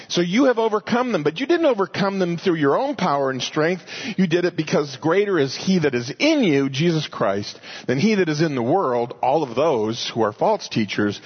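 A man preaching a sermon, teaching earnestly and rising to emphatic exhortation, with a husky voice. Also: a little high, highs cut off.

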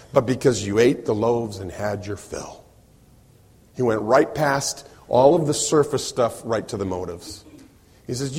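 A man's voice: mid-range voice, breathy edge, long reverb tail. A man preaching a sermon as a pastor, explaining a passage and acting out the voices he quotes. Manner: animated, acts out quoted voices.

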